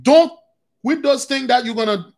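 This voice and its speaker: A man's voice: sits high, moderate pace. A man hosting a casual spiritual talk, rambling and repeating himself as he keeps calling his listeners brothers and sisters.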